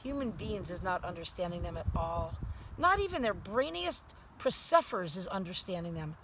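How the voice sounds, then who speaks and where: A woman reading aloud, voicing a big, gentle male giant who mangles his grammar. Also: on the low side, sing-song, normal speed, noisy background.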